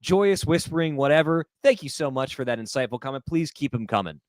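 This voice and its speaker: A man's voice: mid-range voice, lively intonation, quick pace, dry recording. A man co-hosting a live tennis stream who also plays doubles, chatting in an easygoing way and fond of puns. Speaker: co-host and doubles player. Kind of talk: casual live-stream chat.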